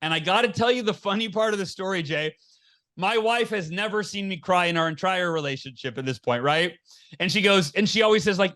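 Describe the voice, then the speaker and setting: Close on a podcast mic, a middle-aged male guest tells his story candidly in a high, bright voice at a fairly quick pace. He speaks with earnest energy, often restarting his sentences and acting out the dialogue he quotes in the interview.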